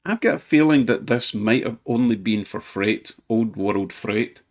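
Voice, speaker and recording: Fairly low and a little slow, this man's voice carries a chatty, enthusiastic commentary for his model railway channel. He runs a model train around his home layout, poking gentle fun at himself as he goes.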